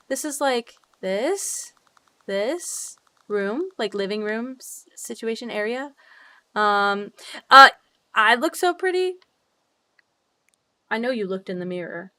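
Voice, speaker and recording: A young woman chatting casually with her viewers while playing a game, bubbly and quick to laugh, swearing freely with sudden high squeals. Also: bright, forceful tone, a little hiss or hum. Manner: bubbly, swears freely, laughs often, big jumps in pitch. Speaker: streamer. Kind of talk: casual livestream chat while gaming.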